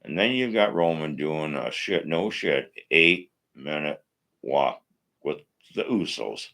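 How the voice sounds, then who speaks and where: A man with a very deep, gravelly voice hosts a casual live stream. He rants bluntly and swears often as he talks through the week's wrestling. He comes from Minnesota. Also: animated, takes it slowly, a bit bright. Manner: blunt, ranting, profane, opinionated. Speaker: wrestling podcast host.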